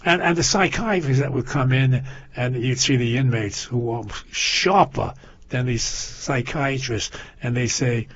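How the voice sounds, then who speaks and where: An older man talking casually, his husky voice winding through long stories full of restarts. He sits at a mid pitch. The recording is muffled and lo-fi. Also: a little slow, a bit bright. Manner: rambling storyteller with many restarts. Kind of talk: casual chat. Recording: lo-fi muffled audio.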